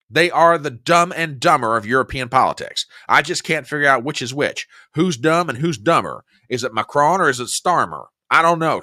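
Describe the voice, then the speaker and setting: A man's voice: a little high, bright, forceful tone, dry recording, clean studio sound. A male political commentary host delivering combative, sarcastic news commentary, saying he gets worked up.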